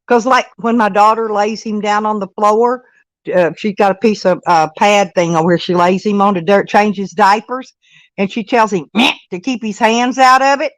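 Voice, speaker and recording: A woman's voice: mid-range voice, steady tone, normal speed, no echo, low-quality recording. An older woman, a grandmother, chatting casually on a vlog and cooing sing-song baby talk to her grandchild, laughing often. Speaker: vlogger and grandmother. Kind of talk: casual live-stream chat.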